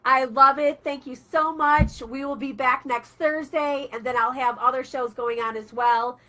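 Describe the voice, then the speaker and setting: Brief: woman radio host, bright and a bit high, chatty storyteller. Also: normal speed. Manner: chatty, animated storytelling with acted-out quotes. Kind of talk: casual talk radio chat.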